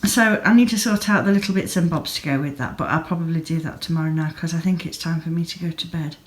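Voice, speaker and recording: Sleepy chatty woman, low voice. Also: steady tone, quick pace, darkish tone. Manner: chatty, gushing over small pretty things. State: sleepy, yawning. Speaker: yarn dyer and vlogger. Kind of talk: casual vlog chat. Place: home, craft room.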